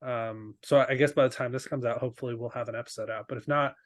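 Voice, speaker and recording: A man's voice: mid-range voice, steady tone, quick pace, no room sound, clean studio sound. A man, a guest coach on a podcast, talking casually with many fillers and restarts and laughing easily. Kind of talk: casual interview chat.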